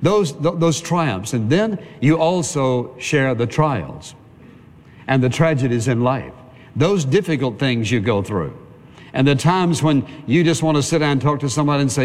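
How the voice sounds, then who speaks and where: A man's voice: mid-range voice, lively intonation, moderate pace, a little mellow, big-room sound. A man preaching a sermon in a conversational style, calling on the congregation to answer amen.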